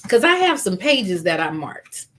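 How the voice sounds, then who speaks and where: A woman's voice: mid-range voice, big pitch swings, measured pace, sharp tone, a little hiss or hum. A woman in her fifties hosting a faith-based interview from home over a video call. She speaks earnestly as a grief counselor and repeats key lines like rhetorical preaching. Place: at home with family around.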